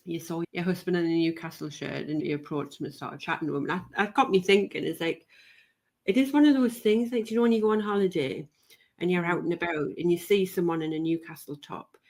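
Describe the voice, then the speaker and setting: A woman's voice: on the low side, fast, darkish tone. A woman with a Geordie accent hosting a podcast, talking in a friendly, rambling way and laughing easily. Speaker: podcast host. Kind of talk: casual podcast chat.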